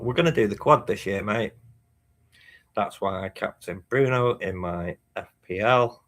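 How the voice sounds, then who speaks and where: A man talks loosely through a live football stream, reading out viewer messages between reactions. His voice sits on the low side, and the delivery is casual and unpolished, with the odd swear. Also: measured pace, a bit bright. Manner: casual, swears, reads chat messages aloud. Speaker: fan channel host. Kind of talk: live match watchalong chat.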